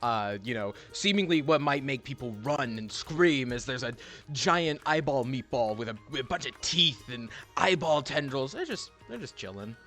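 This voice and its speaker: A man's voice: mid-range voice, lively intonation, moderate pace, a bit bright, faint music behind. A man narrating as game master for a tabletop game, rambling with many fillers and restarts.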